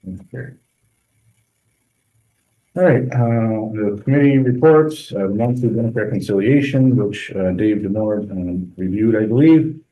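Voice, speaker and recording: A man chairing a board meeting, reading the budget report with many pauses and ums. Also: fairly low pitch, dull audio. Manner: halting, many ums and uhs. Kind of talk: meeting business.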